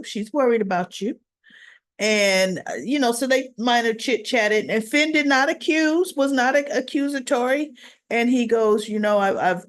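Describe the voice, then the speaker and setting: A woman casually recapping a soap opera episode, retelling the scenes in a chatty way and voicing bits of the dialogue. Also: mid-range voice. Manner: chatty, acts out dialogue in quotes.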